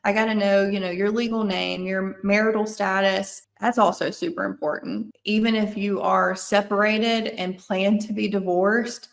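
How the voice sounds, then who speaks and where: A woman's voice: medium pitch, steady tone, moderate pace, few pauses. A woman with a Mississippi accent, an attorney on a podcast, explaining estate planning in an earnest, thorough way and often restating her points.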